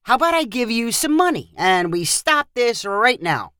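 A woman's voice: a little high, big pitch swings, normal speed, a bit bright, clear, resonant tone, no echo, clean studio sound, pitched above the performer's own voice. A woman voicing a cocky young American man in a storybook reading, breezy and joking.

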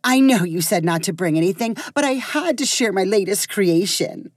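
A woman voicing a quirky home baker who is proud of her odd recipes and quick to take offense. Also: medium pitch, animated, dry recording, clean studio sound, lightly acted. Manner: touchy, proud of her creations.

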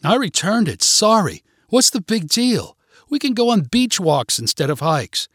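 A man voicing a young woman who is upset and demanding, in a higher pitched voice for a read-aloud story. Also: sing-song, unhurried, fairly bright tone, no room sound, studio quality, full character voice. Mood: pleading, upset. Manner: high-pitched, insistent.

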